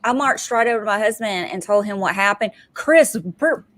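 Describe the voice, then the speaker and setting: A woman's voice: medium pitch, normal speed. A woman, co-hosting a podcast and telling a story in casual chat, acting out the people in it. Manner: animated, acts out quoted people mid-story. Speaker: podcast co-host.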